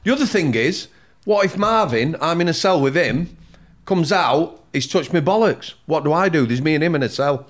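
A man's voice: a little high, expressive, normal speed. A man hosting a podcast, a former prison officer, speaking firmly and cutting in with repeated calls to listen. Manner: firm, cuts in with repeated "listen". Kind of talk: casual podcast chat.

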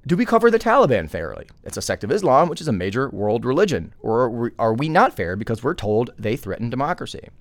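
Lively, emphatic male podcast host. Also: medium pitch, fast, few pauses, no room sound. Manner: emphatic, full of rhetorical questions. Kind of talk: opinion commentary podcast.

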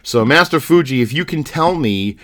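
Male podcast host, mid pitch, halting and playful. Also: animated, a bit bright. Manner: hesitant, filler-heavy, playful. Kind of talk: playful scripted bit with interviews.

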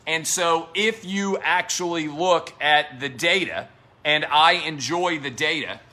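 A man's voice: fairly high pitch, slow, sharp tone. A man hosting a sports talk show, delivering an emphatic, combative solo monologue that repeats its key points.

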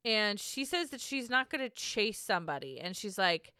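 Bright, crisp-voiced woman recapping bluntly. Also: mid-range voice, sing-song, moderate pace, dry recording, clean studio sound. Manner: blunt, profane, laughs often. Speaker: podcast co-host. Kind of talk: casual recap chat.

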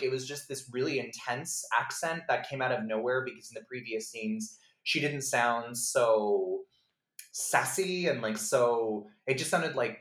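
A man's voice: medium pitch, roomy sound. A man co-hosting a podcast, talking casually about films, chatty with lots of "like" and "um". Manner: chatty, frequent "like" and "um", animated mock voices. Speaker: podcast co-host. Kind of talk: casual film discussion.

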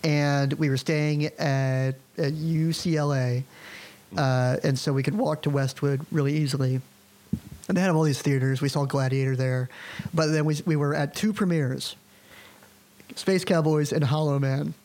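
A man hosting a podcast and chatting in a relaxed, easygoing way. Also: on the high side, normal speed. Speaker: podcast host. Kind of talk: casual chat.

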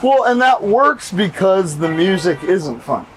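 Lively, teasing host. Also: male voice, high voice, a little slow, a crowd in the background, poor audio. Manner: teasing, playful, laughs a lot. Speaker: podcast host. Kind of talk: casual banter.

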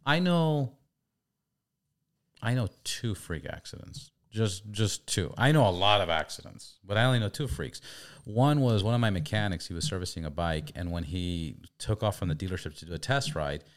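A man's voice: low voice, lively intonation, moderate pace. A man hosting a casual chat, telling stories animatedly with swearing and acted-out quotes. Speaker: podcast host.

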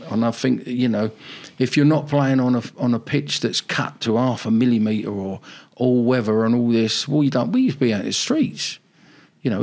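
Older man with a gravelly voice. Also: medium pitch, darkish tone. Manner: rambling, anecdotal, nostalgic. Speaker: football manager guest. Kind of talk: casual interview chat.

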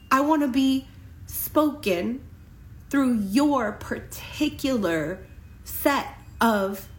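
A woman voicing a creative gift that begs softly and insistently to be brought into the world. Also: fairly high pitch. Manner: pleading, soft, repetitive. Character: a creative gift pleading to be born, sexless, yearning.

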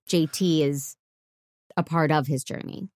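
A woman's voice: low voice, steady tone, a little slow, a little mellow, no room sound. A woman co-hosting a casual movie podcast, speaking thoughtfully and choosing her words carefully. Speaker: podcast co-host. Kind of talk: casual chat.

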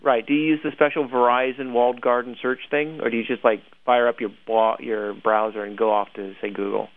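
A man co-hosting a casual news chat, talking in an animated, opinionated way and laughing often. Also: medium pitch, brisk, dry recording. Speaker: podcast co-host. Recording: tinny phone-line audio.

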